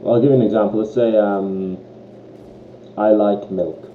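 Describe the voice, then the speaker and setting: A man's voice: on the low side, fairly even intonation, unhurried. A teenage boy with an Irish accent, rambling to camera with many ums and short laughs. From Ireland. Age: teens. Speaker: student vlogger. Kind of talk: casual rant to camera. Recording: lo-fi, echoey room, faint hiss.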